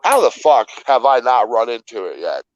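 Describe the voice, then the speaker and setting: A man co-hosting a casual chat, blunt and quick with short reactions and swearing. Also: medium pitch, sing-song, slight background noise. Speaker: podcast co-host. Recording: dull lo-fi mic.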